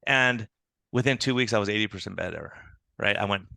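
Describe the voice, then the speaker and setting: A man, an internal medicine doctor, telling animated stories as a podcast guest and acting out the people he quotes. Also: fairly low pitch, quick pace, gravelly, no room sound. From United States. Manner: animated storytelling with quoted dialogue. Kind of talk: conversational interview.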